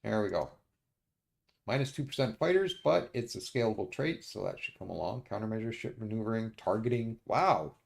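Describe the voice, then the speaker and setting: A man streaming a strategy game, muttering his moves to himself and often pausing with uhs. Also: lowish voice, expressive, creaky. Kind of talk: casual let's-play commentary.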